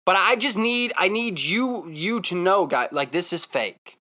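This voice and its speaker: An excitable man tells a story straight to the camera, his pitch leaping up and down as he talks. His voice is bright and forceful, and he keeps coming back to the same point with emphatic repeats. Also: measured pace. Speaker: vlogger.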